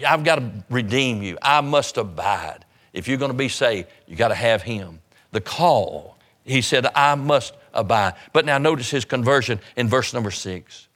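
A man's voice: medium pitch, expressive, moderate pace, fairly bright tone. A man preaching an evangelistic sermon, urgent and fervent, hammering home repeated phrases.

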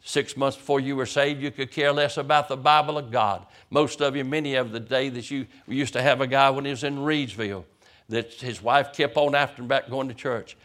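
A man's voice: mid-range voice, fairly even intonation, fairly quick, a bit bright. Man preaching a vivid sermon. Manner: vivid storytelling preaching with stammered restarts. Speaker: pastor.

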